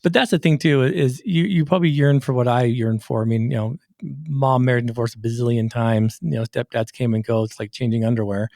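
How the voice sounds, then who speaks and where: A middle-aged man hosting a casual podcast interview, an animated storyteller who acts out the voices in his anecdotes. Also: mid-range voice, a little fast, vocal fry, dry recording, studio quality. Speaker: podcast host and recovery coach.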